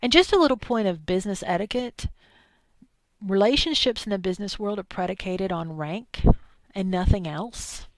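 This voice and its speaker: An instructor from Arkansas with a thick Southern accent gives a recorded lecture in a mid-range voice at normal speed, with no echo. Her delivery is chatty and digressive, full of asides.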